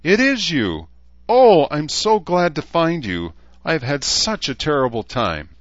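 A man voicing a young female unicorn who squeaks and gushes plaintively, on a dull lo-fi recording. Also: very animated, a little slow, no echo. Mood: distressed. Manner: plaintive and gushing.

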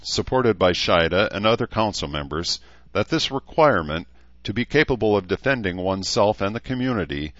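A man reads a male town leader addressing his people in measured, solemn tones. The voice is very low, and the sound is dry with a muted top end. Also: fairly bright tone, dry recording, dull audio. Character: male town leader giving a grave public speech.

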